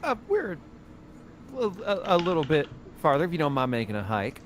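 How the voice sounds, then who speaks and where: A man's voice: a little high, wildly swooping pitch, normal speed, a little hiss or hum. A man playing a tabletop game in character, speaking hesitantly with many fillers. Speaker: player.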